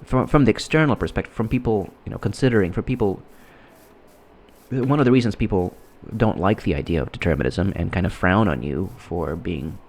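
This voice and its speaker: A man giving casual, rambling commentary while playing a game, halting and restarting his sentences often. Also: deep voice, expressive, darkish tone. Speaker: gameplay commentator.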